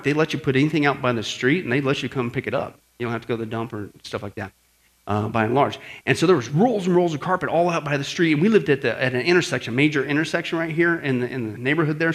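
A middle-aged man preaching a sermon on apologetics. He tells stories animatedly and keeps asking the listeners "right?". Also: on the high side. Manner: animated storytelling with acted shouts and asides. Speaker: pastor teaching apologetics.

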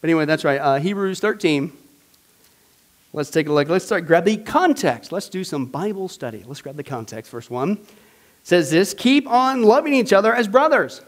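A male pastor teaching a Bible study class, animated and emphatic, with exclamations and repeated phrases. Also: sits high, moderate pace.

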